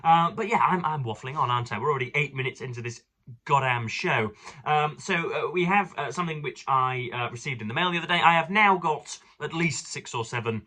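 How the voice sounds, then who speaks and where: A man's voice: fairly high pitch, fairly quick, pushed and bright. A young man from England rambling through a casual book vlog, digressive and fond of elaborate words. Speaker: book reviewer.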